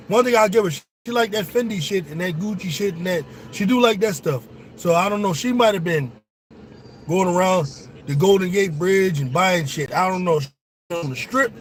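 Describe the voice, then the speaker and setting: Excitable man calling a game live. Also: high-pitched, moderate pace. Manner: excitable, profane, talks straight to viewers. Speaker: sports show host. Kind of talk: casual live watch-along commentary.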